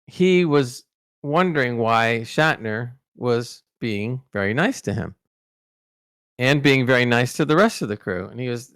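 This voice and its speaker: A man's voice: mid-range voice, dry recording, studio quality. A man hosting a podcast, telling behind-the-scenes stories in a rambling, casual way with many restarts. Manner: rambling, many restarts and fillers, animated in anecdotes. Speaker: podcast host recalling interviews. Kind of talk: casual storytelling chat.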